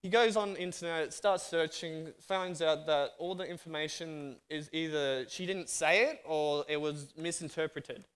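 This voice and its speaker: An Australian man with a somewhat high voice preaches through a story. He narrates in a lively way and briefly acts out each character's dialogue. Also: normal speed, hardly any pauses, clean tone. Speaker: guest speaker. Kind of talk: storytelling sermon.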